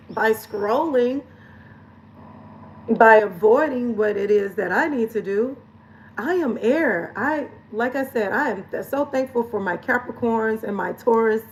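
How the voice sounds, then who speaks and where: A woman's voice: a little high, recorded from a distance, a little hiss or hum, low-quality recording. Earnest, emotional woman coach. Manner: emotional and earnest, repeats phrases for emphasis; laughs between phrases. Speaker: lifestyle coach. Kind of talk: candid confessional vlog.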